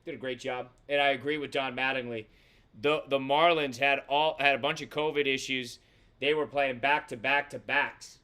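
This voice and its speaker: A man's voice: medium pitch, steady tone, normal speed, sharp tone, clear, resonant tone. A man hosting a live trading card box break, chatting casually with viewers, swearing freely and rattling off player names and teams as he opens packs. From Central Florida.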